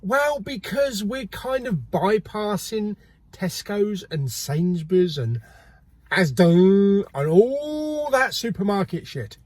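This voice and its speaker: A man's voice: high voice, expressive, slow, a little mellow, dry recording. A man hosting a casual shopping vlog, cheeky and jokey, swearing casually. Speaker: video host. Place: car and multi-storey car park.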